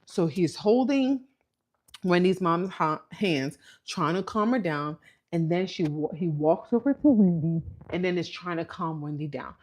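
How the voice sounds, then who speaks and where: A woman's voice: on the low side, unhurried. A woman talking casually as host of a reality TV recap, telling the story with animation and acting out what people said. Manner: animated storytelling, mimicking quotes. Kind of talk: casual commentary.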